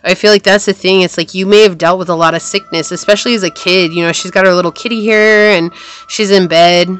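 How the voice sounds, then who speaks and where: A woman's voice: on the low side, fairly even intonation, quick pace, slight background noise. Rambling woman tarot reader, sore throat. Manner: rambling, searching, repeats phrases. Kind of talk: casual tarot reading to camera.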